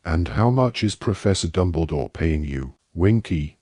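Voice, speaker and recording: An earnest, kind-hearted teenage schoolgirl speaking gently, as a man reads her lines. The voice stays low and husky. The sound is close and dry. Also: lively intonation, a little slow, dry recording. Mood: gentle.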